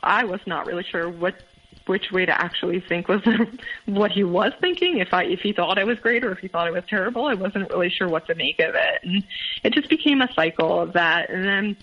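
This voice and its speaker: A woman in her thirties, a guest recounting her own past in a halting way, with many fillers and restarts. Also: lowish voice, lively intonation. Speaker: interview guest. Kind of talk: candid personal storytelling. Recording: muffled phone-line audio.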